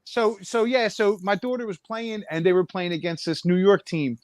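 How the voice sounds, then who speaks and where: A man's voice: high voice, steady tone, darkish tone, no room sound. A man, a podcast guest, telling a brash, profane story in casual chat. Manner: brash, quick-talking, profane.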